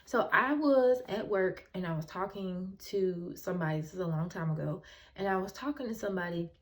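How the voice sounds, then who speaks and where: A woman's voice: on the low side, a little fast. A woman vlogger talking to her channel, giving relationship advice in a casual, storytelling way with fillers. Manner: conversational, storytelling with filler words. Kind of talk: casual advice talk to camera.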